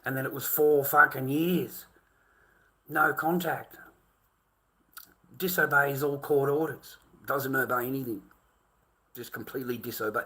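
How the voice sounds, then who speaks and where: A man's voice: mid-range voice, fairly even intonation, moderate pace, pauses often, pushed and bright. A middle-aged Australian man ranting to his livestream chat, swearing constantly and calling viewers mate and boys.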